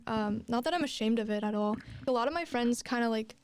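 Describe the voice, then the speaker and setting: A young woman, a podcast guest in casual chat, rambles through her story with plenty of fillers and restarts, talking fast with few pauses. Her slightly high voice is smooth, clear and darkish in tone. The recording is close and dry, with no room sound.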